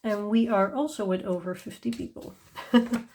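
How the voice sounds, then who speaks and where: A woman's voice: mid-range voice, normal speed, a little mellow, slight background noise. A woman hosting her coloring channel, presenting books in a chatty, enthusiastic way, with many ums and small laughs. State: tired and yawning. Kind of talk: casual show-and-tell review.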